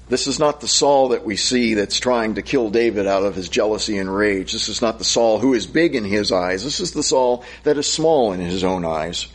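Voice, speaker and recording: A man teaching a Bible study, reading scripture slowly and solemnly, then thinking aloud and asking rhetorical questions. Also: medium pitch, husky.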